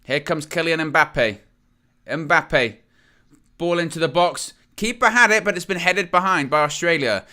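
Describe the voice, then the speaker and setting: Bright, clear-voiced man commentating live. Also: fairly high pitch, a little slow. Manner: casual running commentary with fillers. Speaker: fan channel host. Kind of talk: live match commentary stream.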